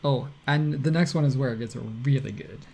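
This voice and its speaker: A man co-hosting a casual podcast chat, talking in an animated way and reading tweets aloud in his own voice. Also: mid-range voice, moderate pace, vocal fry, husky. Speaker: podcast co-host.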